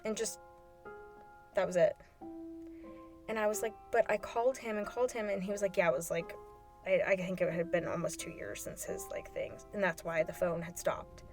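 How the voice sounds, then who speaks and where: A woman's voice: on the low side, moderate pace, over music. A woman hosting a podcast, telling a personal story in an emotional monologue and acting out her phone calls as quoted dialogue. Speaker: podcast host.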